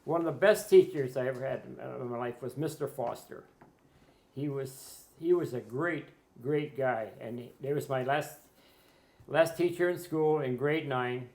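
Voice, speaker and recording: Gravelly man, rambling. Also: medium pitch, moderate pace, darkish tone. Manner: rambling, with frequent restarts and "eh". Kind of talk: casual conversation. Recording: roomy echo.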